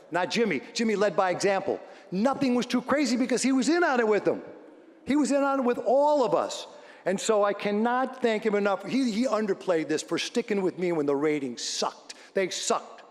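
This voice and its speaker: Energetic man storytelling in a reverberant hall. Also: high voice, normal speed. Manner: energetic storyteller, swings between shouting and hushed tones. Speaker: radio host giving an acceptance speech. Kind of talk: speech to a live audience.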